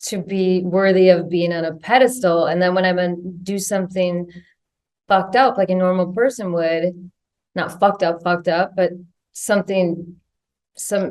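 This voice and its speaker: A woman's voice: lowish voice, a little mellow. A woman co-hosting a podcast, speaking directly and with blunt swearing. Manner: direct, profane, challenging. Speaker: podcast co-host. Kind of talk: candid podcast conversation.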